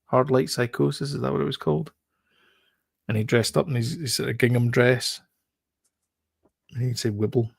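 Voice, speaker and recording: Gravelly man, casual podcast chat. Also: medium pitch, steady tone, brisk, dry recording, clean studio sound. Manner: rambling, jokey, riffs on film trivia. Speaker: podcast co-host.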